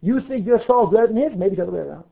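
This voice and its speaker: A man leads a Torah class, reading Hebrew text and explaining it line by line through questions and answers. His voice is high, animated, racing and creaky. The audio is narrow, like a phone line.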